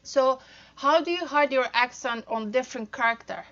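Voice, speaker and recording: Bright high-voiced host, searching for words. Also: female voice, normal speed, lo-fi sound. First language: Turkish. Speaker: podcast host. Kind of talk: casual interview chat.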